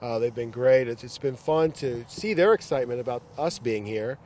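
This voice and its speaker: A man's voice: medium pitch, animated, normal speed, a little mellow. Upbeat American man hosting a podcast. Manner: upbeat, filler-heavy, joking. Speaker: podcast host. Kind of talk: casual sports podcast chat. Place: outdoors at a training ground.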